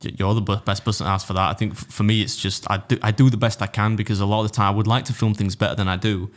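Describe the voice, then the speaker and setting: A man's voice: fairly low pitch, little pitch movement, very fast. A man chatting casually as an interview guest, rambling and self-deprecating, with many restarts. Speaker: food challenge YouTuber, guest.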